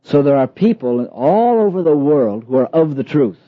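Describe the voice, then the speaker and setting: A middle-aged man preaching a sermon, slow and emphatic, with dramatic pauses and soft asides. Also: a little high, very animated, no room sound. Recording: dull, lo-fi dry sound.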